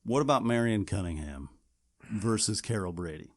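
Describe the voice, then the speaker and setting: A man's voice: on the low side, expressive, moderate pace. A man co-hosting a podcast, chatting casually and rambling with many restarts and fillers. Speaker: podcast co-host. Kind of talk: casual chat.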